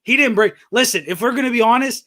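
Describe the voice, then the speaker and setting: A male co-host with a high, bright, sharp-edged voice. He keeps interrupting and pushing back on the host's points, sounding argumentative in a casual wrestling talk-show style. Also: fast talker.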